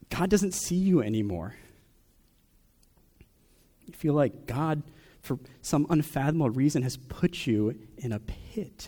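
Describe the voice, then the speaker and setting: A young adult man preaching a personal sermon, asking question after question with long pauses. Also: medium pitch, warm tone. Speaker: pastor.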